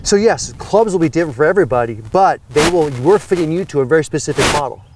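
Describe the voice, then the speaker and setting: Fast-talking animated male club fitter. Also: a little high, noisy background. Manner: animated, rising to emphatic when excited. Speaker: golf club fitter and instructor. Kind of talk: conversational storytelling.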